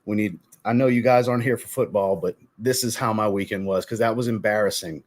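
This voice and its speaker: A man's voice: on the low side, fairly quick. A man hosting a fragrance livestream, greeting viewers by name, then ranting bluntly and profanely before apologizing. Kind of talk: casual livestream chat reading viewer comments.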